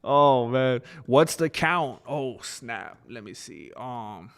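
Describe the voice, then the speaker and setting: A man's voice: mid-range voice, expressive, takes it slowly, a bit bright, clear, resonant tone. Guy rambling on his livestream, laughs a lot, chatting w his viewers, normal mid voice. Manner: rambling, laughs often, talks to chat. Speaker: streamer. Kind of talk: casual live-stream chat.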